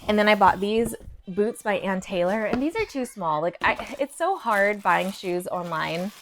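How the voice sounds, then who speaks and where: A woman's voice: medium pitch, expressive, normal speed, noisy background. A young woman chatting casually through a thrift haul, full of "like" fillers and a little out of breath. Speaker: fashion vlogger.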